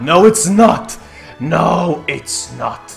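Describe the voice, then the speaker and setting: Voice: medium pitch, expressive, drawn-out words, gravelly, echoey room, over music. A game streamer chatting casually on a live stream, giggly and greeting viewers by name.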